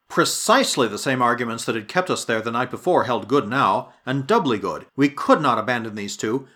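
A man narrating an adventure story in a dramatic, expressive reading style. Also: mid-range voice. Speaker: audiobook narrator. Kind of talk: scripted narration.

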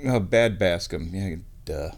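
A man hosting a casual show at his microphone, playful, dropping into high baby talk for his cat. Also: measured pace, gravelly, a little mellow. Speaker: radio host. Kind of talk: casual chat. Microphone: studio microphone.

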